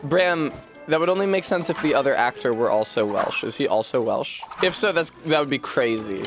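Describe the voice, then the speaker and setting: A man's voice: mid-range voice, animated, a little fast, soft background music. A man chatting casually while streaming a game, joking and swearing through rambling asides.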